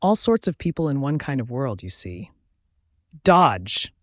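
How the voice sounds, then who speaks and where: A man's voice: mid-range voice, very animated, measured pace, a bit bright, no echo, studio quality. A man voicing a wry, superstitious ship's mate in an audiobook, musing in chatty asides.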